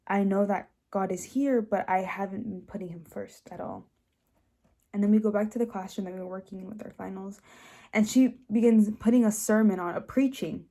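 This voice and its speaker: A woman's voice: medium pitch, dark tone. A young woman telling her personal testimony in a casual, earnest way, full of fillers and restarts. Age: young adult. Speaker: host sharing her testimony.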